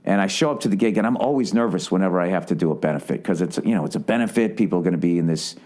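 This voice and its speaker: A man's voice: deep voice, very fast, a little mellow. A man in his forties with a Boston accent, telling a long rambling story on his podcast in a casual, profane way and acting out the quotes. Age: 40s. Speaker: comedian and podcast host.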